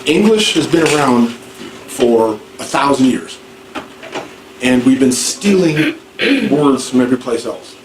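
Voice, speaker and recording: A man's voice: medium pitch, lively intonation, slow, pauses often. Man teaching class in an echoey room. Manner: rambling, conversational, asks the class questions. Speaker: ESL teacher. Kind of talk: classroom lecture. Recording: echoey room, distant mic, noisy.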